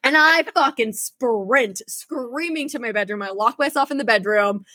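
A young woman with a slightly high voice tells a story in a loose, swearing, laugh-filled way. The sound is dry and close, with no room around it. She talks as a casual podcast co-host. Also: moderate pace, no echo. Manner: animated, profane storytelling with laughs.

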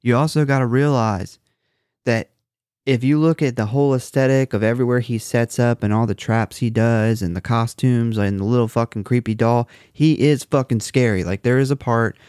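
A man's voice: mid-range voice, fairly even intonation, normal speed, a little mellow, smooth, dry recording, studio quality. A man co-hosting a casual horror movie podcast, recapping the plot with lots of swearing and laughter. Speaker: podcast co-host.

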